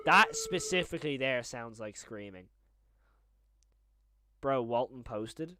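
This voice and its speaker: A young man talking his way through a live stream in a chatty, rambling manner, quickly getting excited. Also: medium pitch, noisy background.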